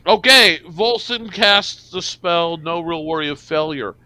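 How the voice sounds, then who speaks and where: Narrate as a man running the table: high and bright, unhurried, casual and cussing. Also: clear, resonant tone. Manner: loose, profane and joking. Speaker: game master.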